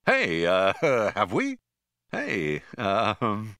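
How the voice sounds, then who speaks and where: A man's voice: fairly low pitch, wildly swooping pitch, drawn-out words, sharp tone, no echo, studio quality, heavily acted. A man voicing a smug galactic charmer who is breezy and evasive, with hesitant fillers.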